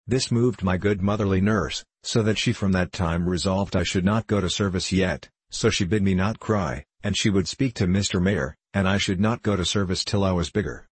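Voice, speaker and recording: A man narrating an old novel in a measured, steady way. His voice is very deep with a husky edge. The recording is close and dry. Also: dry recording. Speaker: audiobook reader.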